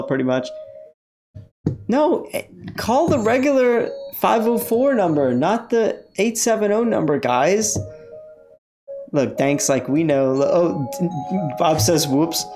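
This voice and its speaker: A man's voice: a little high, a little mellow. A man hosting a casual livestream from inside his car, rambling, joking and talking back to his chat. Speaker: livestream host.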